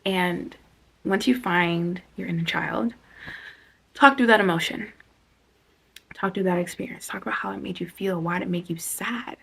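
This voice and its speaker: A woman hosting a self-help video, talking casually as she guides a reflection, chatty and self-interrupting, sometimes dropping to a soft near-whisper. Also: fairly low pitch, normal speed, vocal fry, long pauses, slight background noise.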